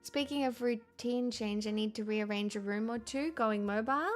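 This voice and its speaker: A woman's voice: a little high, normal speed, faint music behind. A young woman hosting a livestream, chatting casually and playfully with viewers, laughing often and sounding very tired. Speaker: livestream host. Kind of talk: casual chat reading viewer messages.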